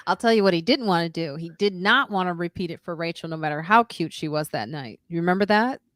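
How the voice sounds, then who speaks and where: A woman's voice: fairly low pitch, lively intonation, fast talker, fairly bright tone, dry recording, clean studio sound. A woman co-hosting a casual comedy chat, rambling and laughing often. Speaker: co-host.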